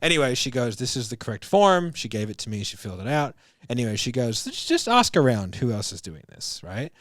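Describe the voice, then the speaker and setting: A man in his thirties, a business coach guesting on a podcast, tells stories in casual chat with a mid-range voice that swings widely in pitch, a little fast and a bit bright. He swears often, laughs through his tales, acts out what people said, and leans on fillers like "like" and "bro." The recording is dry and clean, studio quality.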